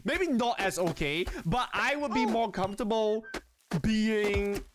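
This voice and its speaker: Male streamer, high voice, casual gaming chatter, excitable, swears a lot, bouncy intonation. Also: normal speed, over music. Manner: animated, excitable, swears freely, talks to chat. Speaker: live streamer.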